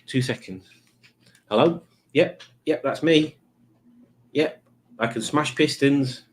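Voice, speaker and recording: A man's voice: medium pitch, slow. A man hosting a casual live stream, rambling and joking as he reads out viewer comments, with plenty of restarts. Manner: rambling, jokey, waffling with many restarts.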